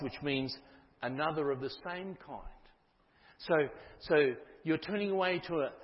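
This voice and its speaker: A man preaching a sermon in an emphatic way, with forceful stresses and frequent restarts. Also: medium pitch. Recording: dull audio with long hall reverb.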